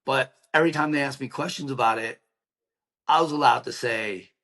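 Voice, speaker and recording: A middle-aged man of ordinary pitch, a podcast guest, spinning a personal story with lively energy. He keeps a casual, run-on flow full of "like" and "right?" and slips into the voices of the people in his tale. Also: brisk. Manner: animated storyteller, acts out quoted dialogue, many "like" and "right?" fillers. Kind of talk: emotional personal storytelling in an interview.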